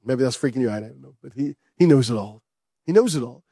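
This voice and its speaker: A man's voice: medium pitch, lively intonation, quick pace, mellow, dry recording, clean studio sound. A man preaching a sermon to a church, earnest and conversational, repeating his key phrases.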